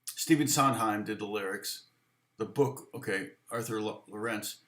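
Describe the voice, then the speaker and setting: A man's voice: on the low side, normal speed, fairly bright tone. Rambling male guitar teacher, roomy sound. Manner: rambling, thinks aloud, counts and scats rhythms. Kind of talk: live-stream guitar lesson, answering chat. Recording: roomy echo.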